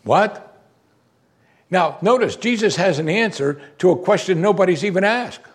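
A man preaching a sermon, animated and rhetorical, repeating lines and exclaiming for emphasis. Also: high voice, moderate pace, slightly rough.

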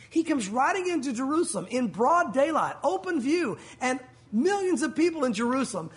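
Male pastor, unusually high pitch, animated storyteller. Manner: animated storytelling, acting out crowd shouts. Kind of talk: sermon.

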